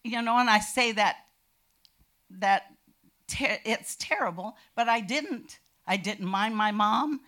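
Older woman, bright tone, animated church testimony with shouted peaks. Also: medium pitch, slow. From California. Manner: animated storytelling, bursts into shouting. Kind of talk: personal testimony.

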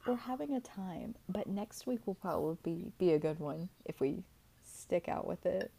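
Recording remotely on her home computer mic, a young co-host rambles through casual podcast chat, self-aware and still recovering from illness. Her fairly low voice is expressive and warm, with vocal fry and a breathy edge. She keeps a moderate pace.

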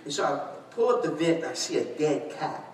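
A man preaching a sermon, telling stories animatedly, shouting and laughing as he acts out conversations. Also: on the high side, big pitch swings, a little fast. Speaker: pastor. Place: large church hall. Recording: echoey church hall, distant mic.

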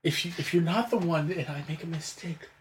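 A man voicing a nervous, secretive young female servant, hesitant and stammering in a hushed voice. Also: on the high side, a little fast, slight background noise, voice pushed up, close to an everyday voice.

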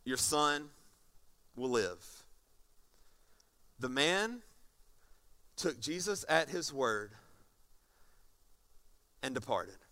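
A pastor preaching a sermon to a congregation, animated and acting out scenes, moving from soft tones to loud passages. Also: male voice, medium pitch, extremely slow, pauses often. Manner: animated, swings from soft to shouting. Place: church stage before a congregation.

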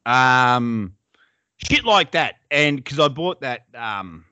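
A man's voice: medium pitch, sing-song, slow, sharp tone, no room sound. A man with an Australian accent, chatting casually on a podcast, swearing freely and rambling from one thing to the next. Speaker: podcast co-host. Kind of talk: casual chat.

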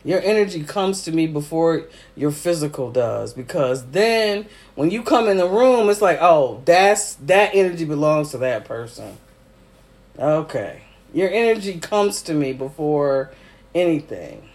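A man's voice: fairly high pitch, very animated, a little slow. A man hosting a casual solo podcast, teary, emotional and effusive, with frequent ums. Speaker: podcast host.

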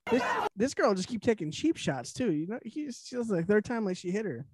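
Guy cohosting a podcast, lively bouncy voice, kinda high, laughs a lot. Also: fairly quick, very noisy. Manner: lively, laughs often, drives the topics. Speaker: podcast co-host. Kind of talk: casual podcast banter.

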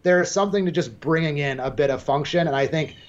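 A man's voice: on the high side, fairly quick. Confident young man on a dull, lo-fi line. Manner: confident, blunt, swears casually. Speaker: podcast co-host. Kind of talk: casual sports chat. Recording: dull lo-fi sound.

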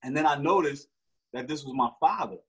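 A man's voice: mid-range voice, fairly quick, breathy edge. A man, telling a story in slangy street talk with frequent restarts. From Newark, New Jersey. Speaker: interview guest. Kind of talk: casual storytelling. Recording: dull lo-fi recording.

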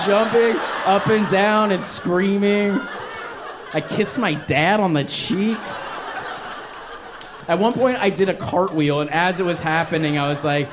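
A man in his thirties telling a self-deprecating story on stage, breaking into high, acted-out quotes. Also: measured pace, noisy background. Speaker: stand-up comedian. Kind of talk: stand-up storytelling. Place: comedy stage before a live audience.

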